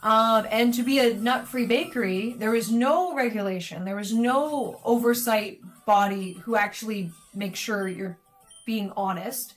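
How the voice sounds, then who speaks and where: A woman co-hosting a gaming video, telling stories in an animated, exasperated way. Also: a little high, measured pace, faint music behind. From Canada. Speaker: co-host, bakery owner. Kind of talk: casual storytelling while gaming.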